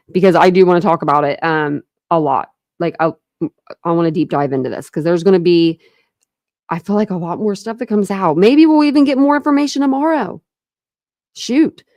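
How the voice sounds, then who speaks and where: A woman's voice: mid-range voice, darkish tone, no echo, clean studio sound. A young woman from Ohio hosting a casual true crime livestream, rambling and chatty with lots of fillers and restarts. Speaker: true crime channel host. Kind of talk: casual livestream chat with viewers.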